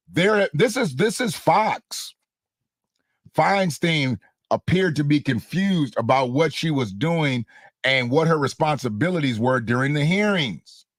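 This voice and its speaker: A man's voice: a little high, no room sound, clean studio sound. A man hosting casual political commentary, blunt and slangy, mocking and repeating phrases for emphasis. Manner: blunt, slangy, mocking, laughs at own jokes. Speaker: host.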